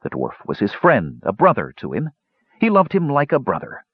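A man narrating a fantasy audiobook in an expressive, dramatic reading. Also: mid-range voice, normal speed, husky, no echo, highs cut off.

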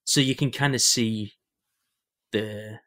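Young guy co-hosting a podcast, lowish voice, rambly and chatty, lots of ums. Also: fairly even intonation, takes it slowly, fairly bright tone. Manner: rambling, chatty, many fillers and restarts. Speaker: podcast co-host. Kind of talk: casual chat.

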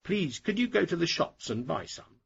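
A man reading the lines of a firm, nagging housewife in a story, with a husky voice. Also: fairly high pitch, big pitch swings, moderate pace, a bit bright, muffled recording, pitched above the performer's own voice, full character voice. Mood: bossy. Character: bossy, practical housewife.

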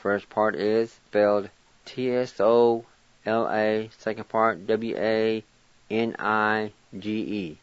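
A man's voice: on the low side, fairly even intonation, takes it slowly, clean tone, dry recording, dull audio. A man teaching word pronunciation, spelling each word letter by letter and encouraging learners. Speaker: language teacher and radio host. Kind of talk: slow spelling and pronunciation lesson.

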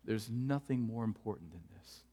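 Earnest pastor in a reverberant church. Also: male voice, lowish voice, animated, normal speed. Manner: earnest storytelling, dropping to hushed tones for tender moments. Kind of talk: sermon. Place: church sanctuary. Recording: long church hall reverb.

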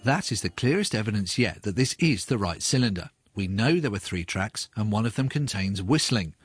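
A man's voice: on the low side, expressive, normal speed, slightly rough, no echo, faint music behind. A man narrating a documentary with a wry, inquisitive manner. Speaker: podcast presenter.

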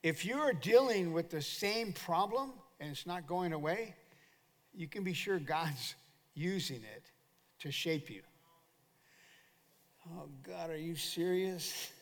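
A man's voice: high voice, unhurried. Older male pastor preaching in a hall. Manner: animated preaching with call-and-response to the congregation. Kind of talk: sermon. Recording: long hall reverb.

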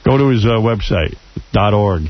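A man's voice: fairly low pitch, lively intonation, normal speed. A male radio host, brash and teasing, running a call-in talk show. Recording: dull lo-fi radio audio.

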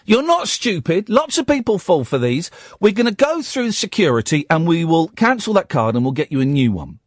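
A man's voice: a little high, very animated, normal speed, no room sound, clean studio sound. A man hosting a radio talk show, telling a story and acting out the voices on both sides of his phone calls. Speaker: radio host.

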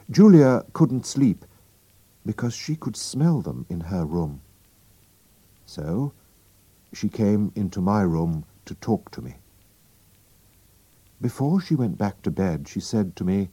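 A man slowly and expressively reading a storybook aloud for learners. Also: fairly low pitch, dark tone, husky, no room sound. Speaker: narrator.

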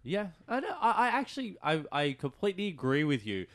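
A man hosting a radio show in a studio, chatting casually with animated, stammering restarts and sudden leaps into a high voice. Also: brisk.

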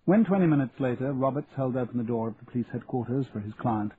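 A man's voice: medium pitch, animated, fast. Male audiobook narrator, tinny sound. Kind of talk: scripted narration. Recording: tinny lo-fi audio with faint hiss.

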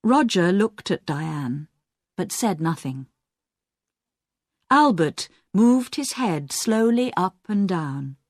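Casting: slow, clear female narrator for a learners' story, dry close mic. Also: fairly low pitch, sing-song, a little mellow, dry recording.

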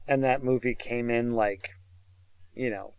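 A man's voice: mid-range voice, steady tone, a little slow, a little mellow, clean tone, no echo. A man co-hosting a casual chat, talking loosely, swearing often and laughing a lot. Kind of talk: casual chat about movies.

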